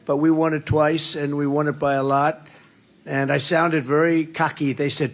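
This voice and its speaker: A man's voice: fairly high pitch, flat delivery, moderate pace. An older man giving a campaign rally speech, rambling and boastful, often repeating his phrases. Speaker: political speaker at a rally. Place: large indoor rally room.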